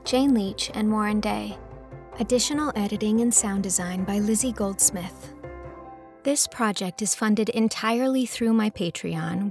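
A woman narrating an audiobook in a clear, measured storytelling manner. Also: mid-range voice, darkish tone. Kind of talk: scripted narration.

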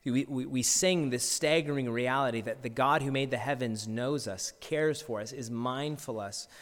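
A man's voice: mid-range voice, normal speed, big-room sound. A male pastor preaching a sermon earnestly, asking his listeners rhetorical questions.

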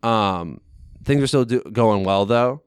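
Low, smooth-voiced man telling a story. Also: takes it slowly, dry recording, clean studio sound. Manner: rambling, animated storyteller full of "like" fillers. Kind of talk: casual storytelling chat.

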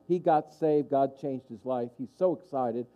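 A man's voice: medium pitch, measured pace, dark tone, muffled recording. A man pastor preaching a sermon, stirring and passionate, calling out to the congregation. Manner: impassioned preaching with call-and-response asides.

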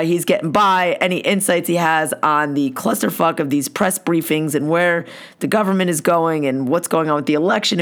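Hoarse, profane New woman ranting. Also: on the low side. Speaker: podcast host. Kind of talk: ranting monologue.

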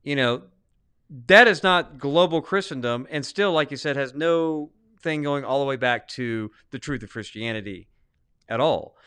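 A podcast co-host with a Southern US accent argues in a casual debate, speaking emphatically and restarting often, his loudness swinging lively. His mid-range voice moves at a moderate pace with a clean tone.

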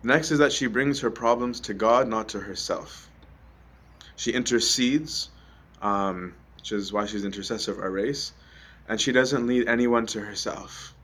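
A man's voice: lowish voice, unhurried, a bit bright. Conversational man giving a sermon. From Egypt. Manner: conversational, frequent "right?" and "um". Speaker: preacher.

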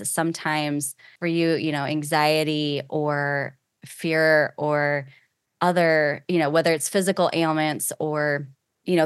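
A woman's voice: deep voice, clean tone, no room sound, clean studio sound. A woman hosting a faith podcast interview, asking reflective, thoughtful questions. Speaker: podcast host.

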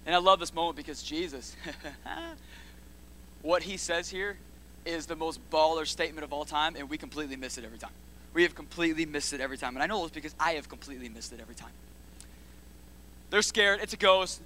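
A man preaching a sermon in slangy, energetic style, building up to loud repeated lines and dropping low again. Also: a little fast, slight background noise. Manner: builds to shouts in repeated phrases, then drops low. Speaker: pastor.

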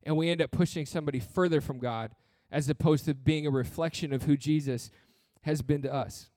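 A man's voice: on the high side, steady tone, brisk, mellow, no room sound, clean studio sound. A man preaching a sermon as pastor, earnest and blunt, with touches of humor and repeated phrases.

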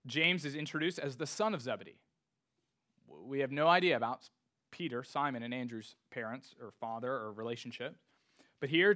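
A man's voice: mid-range voice, a bit bright. A man preaching a sermon to his congregation, reading scripture and rising to emphatic rhetorical questions. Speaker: pastor.

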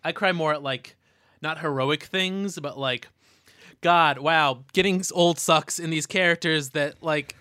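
Hesitant man, casual chat, slightly high, dry sound. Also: unhurried, pushed and bright, no room sound. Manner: hesitant, trailing off, many fillers.

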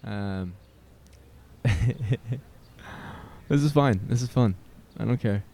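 A man's voice: fairly low pitch, extremely slow, warm tone. A young man vlogging alone outdoors in a city park, rambling hesitantly and self-consciously. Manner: hesitant and self-conscious, with nervous laughs and many fillers. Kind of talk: rambling solo vlog.

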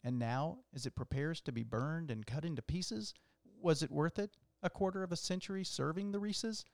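A man who is a priest reads a rhyming poem aloud in a rhythmic, measured way. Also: a little high, gravelly, darkish tone, no room sound. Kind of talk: poetry reading.

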